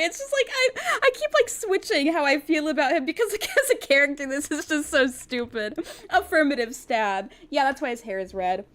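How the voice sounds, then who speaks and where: Giggly, excitable high-voiced woman streamer. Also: brisk. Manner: excitable, giggly, rambling with many restarts. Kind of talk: casual game let's-play. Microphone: desk microphone.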